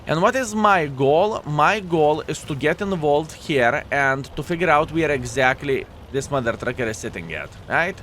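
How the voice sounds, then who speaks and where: A man's voice: fairly high pitch, animated, normal speed, hardly any pauses, a bit bright, slight background noise. A man commentating his own tank game, chatty and jokey, speaking to his viewers as fellas, with a non-native English manner. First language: Lithuanian. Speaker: gameplay commentator.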